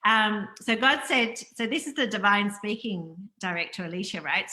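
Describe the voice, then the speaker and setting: A woman hosts a spiritual interview over a video call, in a clear, bright voice of middle pitch. She talks in an effusive, rambling way and often stops to read aloud or heap praise on her guest. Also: moderate pace. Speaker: interview host. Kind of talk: casual spiritual interview chat.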